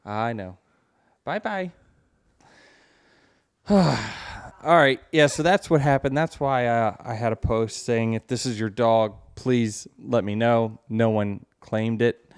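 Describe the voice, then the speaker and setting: A man's voice: medium pitch, takes it slowly, smooth. A man hosting a podcast, talking in a blunt, wry, casual way in a studio. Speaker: podcast host.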